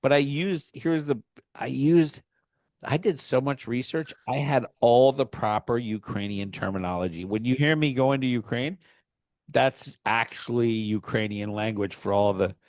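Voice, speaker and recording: A man co-hosts a podcast in a loose, rambling, profane way, often breaking into laughter mid-sentence. His voice sits at an ordinary middle pitch. The sound is dry and close, with no room echo. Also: normal speed, darkish tone. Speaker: podcast co-host. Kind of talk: casual chat.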